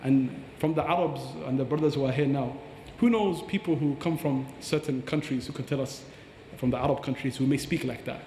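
A man's voice: medium pitch, brisk, few pauses, dark tone, slight background noise. A man explaining Quran recitation on a podcast, breaking into recited Arabic phrases as he teaches. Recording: echoey hall with long reverb.

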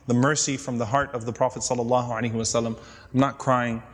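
A man's voice: mid-range voice, level tone, fast talker. A man delivers a storytelling sermon, retelling old narrations. He quotes Arabic lines and then translates and explains them. His mid-range voice rings out with a long reverb, as if he is speaking in a large hall. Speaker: Islamic lecturer.

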